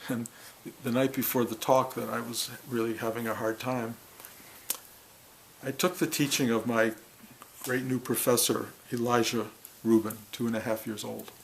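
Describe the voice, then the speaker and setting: A man speaking as a spiritual teacher to a gathering, earnest and heartfelt, in short halting phrases. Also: medium pitch, little pitch movement, gravelly, a little hiss or hum, rough recording. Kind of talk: reflective spiritual talk to a gathering.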